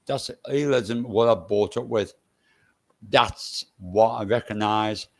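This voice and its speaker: A man's voice: fairly low pitch, slow pace. A man with a Stoke-on-Trent accent mixed with Irish touches, a guest chatting casually on a live stream, blunt and swearing freely. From England.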